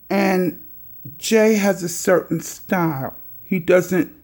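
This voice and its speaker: A woman's voice: on the low side, gravelly, mellow. A woman vlogger calling out another vlogger in a sassy, scolding, teasing way.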